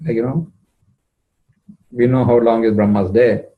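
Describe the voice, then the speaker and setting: A man telling a devotional story, emotive and rising in pitch at moving moments, with frequent fillers. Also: unhurried, long pauses, narrow, tinny audio. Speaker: spiritual storyteller.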